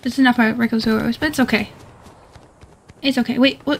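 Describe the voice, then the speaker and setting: A woman with a slightly high voice streams a game, chatting to herself and giggling often. She rambles in a loose, casual way over a faint hiss. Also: fairly even intonation, fast talker, creaky. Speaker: gamer streaming solo play. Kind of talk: casual gaming commentary.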